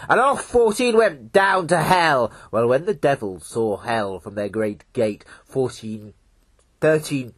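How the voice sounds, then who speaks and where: A man telling a folk tale in an animated, dramatic way. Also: medium pitch, husky. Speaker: storyteller.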